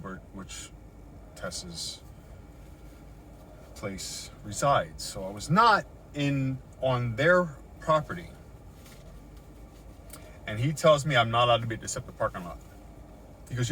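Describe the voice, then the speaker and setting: This vlogger, a rattled middle-aged man, swears and repeats himself while describing an encounter from inside a car parked in a lot, capturing it on his phone. He speaks at a medium pitch, his tone pushed and bright, with a little hiss or hum on the recording.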